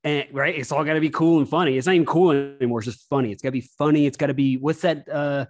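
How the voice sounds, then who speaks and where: A man's voice: fairly high pitch, fairly even intonation, fast, a little mellow. A man with a slightly raised voice talks in a loose, rambling way, stumbling and restarting as he chats. He drops in swear words freely. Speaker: podcast guest. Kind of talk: casual chat.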